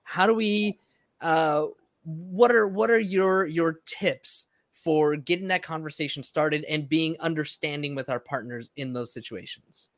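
A man hosting a conversation, engaged and affirming, asking follow-up questions quickly. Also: a little high, fairly bright tone, no echo, studio quality. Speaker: podcast host. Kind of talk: interview conversation.

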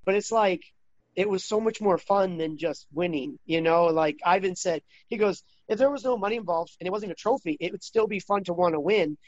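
A man with a notably high voice tells stories in a loose, rambling way, often restarting his sentences. He turns animated when he quotes other people. The recording is dull and dry. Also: fairly quick, no echo. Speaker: interview guest. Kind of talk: casual interview chat.

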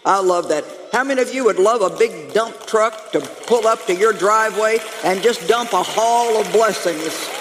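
A woman pastor preaching a lively, humorous sermon to her congregation, calling out to them as she goes. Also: mid-range voice, moderate pace, few pauses, in a large hall, a little hiss or hum. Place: church sanctuary.

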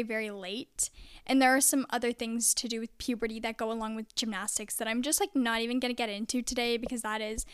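A young woman speaking in a relaxed, confessional vlog style, her voice a touch high and smooth. She rambles chattily, leaning on "like" constantly. The sound is close and dry with no room echo. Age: young adult. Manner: chatty, peppered with "like". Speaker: vlogger.

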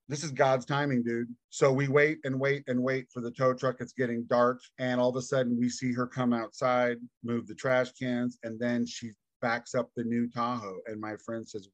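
A man's voice: mid-range voice, no room sound. A man telling a long personal story as a podcast guest, acting out the voices of the people in it and laughing often. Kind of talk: casual storytelling interview.

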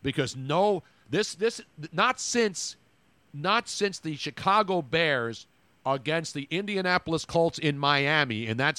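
A man's voice: fairly high pitch, fairly bright tone, dry recording. Guy cohosting a sports pod, rambly and teasing, dead dry mic. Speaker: podcast co-host. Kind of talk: casual sports chat.

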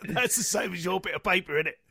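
A man, co-hosting a casual podcast chat over a video call, telling jokes and laughing loudly at them. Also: high voice, brisk, vocal fry, slightly rough, no echo, clean studio sound. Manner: jokey, laughs loudly at his own gags. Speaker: podcast co-host. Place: home.

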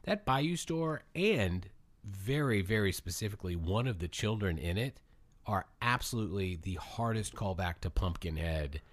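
A man with a fairly low voice talks through a film recap as a podcast host. He rambles, circles back on himself and laughs often, keeping it casual. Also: expressive, moderate pace.

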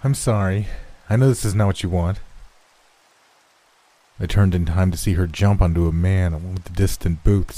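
In a steady, measured scripted reading, a man narrates a horror story. His very low voice carries a dark, mellow tone with a slightly husky, breathy edge.

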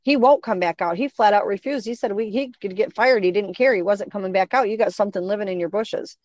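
A woman's voice: medium pitch, quick pace, no room sound. A middle-aged woman telling stories in a casual chat, acting out the voices of the people in them. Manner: animated, acts out quoted voices. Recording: dull, dry sound.

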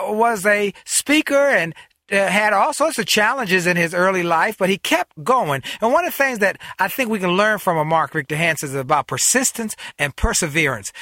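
Bright, high-voiced male talk show host. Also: no echo, studio quality. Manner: enthusiastic, breaks into song. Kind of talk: interviewing a guest.

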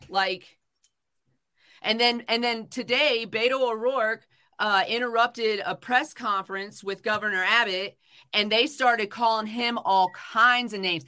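A woman's voice: mid-range voice, unhurried, bright, forceful tone. A woman hosting a casual livestream chat, talking heatedly with frequent swearing, fillers and restarts. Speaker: livestream host. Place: home livestream.

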